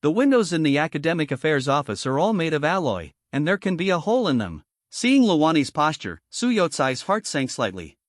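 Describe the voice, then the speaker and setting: A man narrating a comic story recap in a steady scripted read. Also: fairly high pitch, fairly quick, no echo, clean studio sound.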